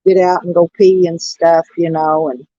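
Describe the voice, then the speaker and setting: A woman's voice: on the low side, level tone, normal speed, mellow, dry recording. A woman chatting casually on a live stream, rambling and greeting viewers by name. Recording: dull dry lo-fi sound.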